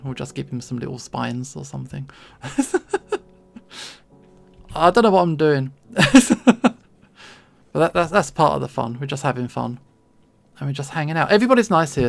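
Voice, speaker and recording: A man's voice: on the high side, creaky, no room sound. A man streaming casual chat to his viewers while he draws, friendly and rambling, often repeating words as he starts a sentence. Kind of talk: casual chat to a livestream audience while drawing.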